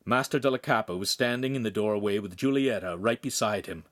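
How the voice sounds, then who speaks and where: A man narrating a young adult novel as an audiobook, with animated storytelling. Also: fairly low pitch, brisk, dry recording, studio quality. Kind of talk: scripted narration.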